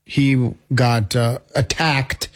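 Male cohost, kinda husky, telling a quick story. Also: medium pitch, steady tone. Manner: chatty storyteller. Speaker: co-host. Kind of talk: casual talk show banter.

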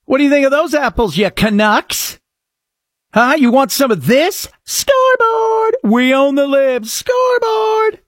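A man voicing a triumphant, gloating loudmouth fan who shouts taunts. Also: very high voice, sing-song, a little slow, no room sound, studio quality, voice pushed up, heavily acted.

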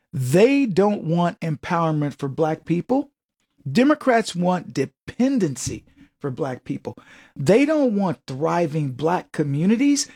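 Husky-voiced male radio talk host. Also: high voice, darkish tone. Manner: emphatic and sarcastic, laughs at his own jokes. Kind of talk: political commentary monologue.

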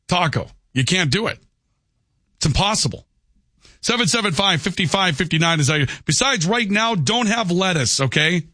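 A man's voice: sits high, bright, forceful tone, dry recording, studio quality. A man hosting a call-in radio talk show, chatty and opinionated, rambling and checking in with "okay?" as he goes. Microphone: studio microphone.

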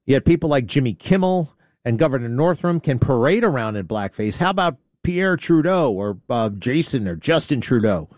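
A man runs an opinionated talk radio monologue, blunt and sarcastic, and often excitable. His voice sits at a middle pitch and sounds dry and close to the mic. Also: normal speed, no room sound.

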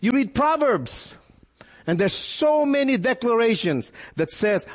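A male pastor preaching a sermon, with animated delivery, sudden rises in pitch and frequent repeated words. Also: a little slow, in a large hall.

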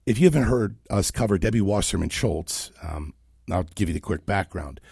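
A man's voice: deep voice, animated, moderate pace, creaky, darkish tone, slightly rough, dry recording, clean studio sound. A man hosting a talk show, giving opinionated, mocking political commentary.

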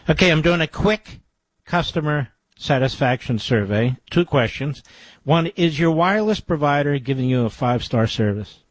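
A man's voice: mid-range voice, expressive, normal speed, dry recording. A man hosting a talk radio show, chatting with a caller and reading an ad in an emphatic, salesy way with mumbled asides. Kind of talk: talk radio chat and live-read ad. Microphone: studio microphone.

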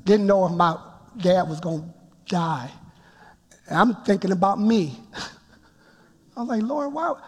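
A man preaching a sermon, telling his story with emphatic build-ups that rise toward shouts. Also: high-pitched, takes it slowly, long pauses, slightly rough. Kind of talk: sermon testimony. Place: church sanctuary before a congregation. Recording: long reverb of a large hall.

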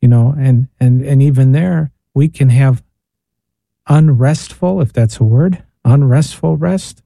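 Man, priest guest, mid-pitched, very mellow tone, dry studio, earnest rhetorical questions. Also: a little slow, creaky, no echo. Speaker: priest and spiritual director guest. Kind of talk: radio talk reflection. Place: radio studio.

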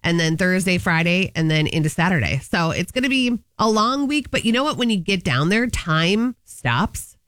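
A woman's voice: lowish voice, sing-song, moderate pace, a bit bright, no room sound. A middle-aged woman co-hosting a casual chat show, telling stories in a chatty way and laughing often.

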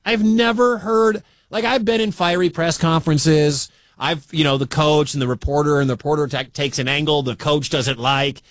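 A man from the American Midwest hosting a sports talk radio show, talking in an animated, incredulous way with quick asides. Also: fairly high pitch, dry recording. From Midwestern United States.

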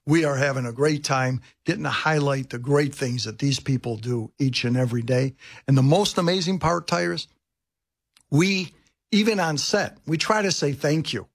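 A man's voice: on the high side, normal speed. A man talking earnestly as a guest on a radio show. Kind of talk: casual radio interview.

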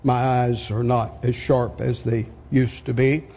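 A husky older preacher delivers his sermon at an unhurried pace. He fires off rhetorical questions with emphatic force. The voice rings out with the long reverb of a large church hall. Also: mid-range voice, little pitch movement, warm tone.

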